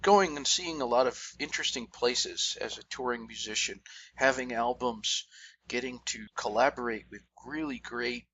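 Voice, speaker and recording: A male radio host with a bright, forceful voice asks long, winding questions. The recording is a little dull, with a faint hiss of noise behind him. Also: mid-range voice, moderate pace. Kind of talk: interview questions.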